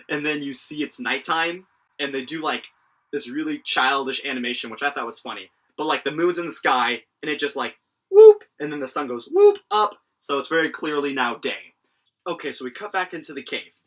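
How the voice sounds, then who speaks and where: A man's voice: mid-range voice, a bit bright. A young man casually recapping and reviewing an anime episode, rambling with lots of fillers and chuckles.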